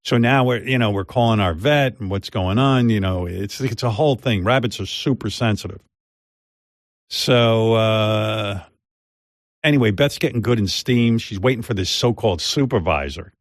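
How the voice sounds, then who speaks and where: A man's voice: on the low side, normal speed, no room sound. An older man, a radio host, telling a long rambling story in casual chat on a studio mic. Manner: rambling, animated, mimics others' voices in quotes. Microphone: studio microphone.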